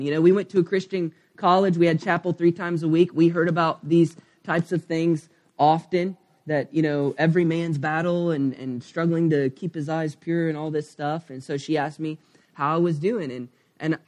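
A man's voice: fairly high pitch, steady tone, moderate pace. A man in his thirties preaching a sermon, telling a personal story candidly, with many fillers and asides. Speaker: pastor.

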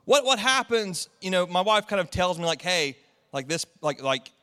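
A man delivers a sermon in a loose, chatty way, tossing in fillers and quick asides to the congregation. His voice sits high for a man. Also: big pitch swings, pushed and bright, smooth, in a large hall. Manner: casual, conversational preaching with many fillers. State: tearful, sniffling. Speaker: pastor.

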